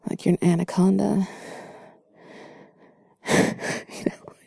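A woman in a whispered role-play, talking softly and teasingly to the listener as her bed partner. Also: medium pitch, little pitch movement, slow, gravelly, husky, dry recording. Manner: soft, teasing and playful, often whispering. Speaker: ASMR creator.

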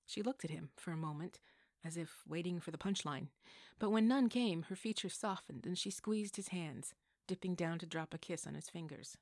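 A woman narrating a contemporary novel aloud in an even storytelling manner. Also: lowish voice, normal speed, dry recording, studio quality. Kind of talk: audiobook narration.

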